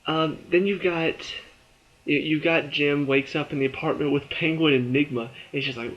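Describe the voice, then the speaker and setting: A man's voice: on the high side, fairly even intonation, normal speed, muffled recording. A tired man reviewing a TV episode in a casual, rambling way, full of fillers and restarts.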